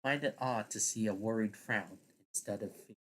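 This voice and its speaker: A man narrating a second-person audio story in a deliberate way, now and then laughing at his own slips. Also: on the low side, fairly bright tone.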